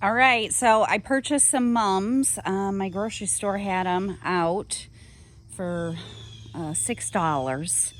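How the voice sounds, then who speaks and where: A woman's voice: mid-range voice, slow, slight background noise. A woman chatting casually to the camera as a lifestyle vlogger, upbeat and talkative.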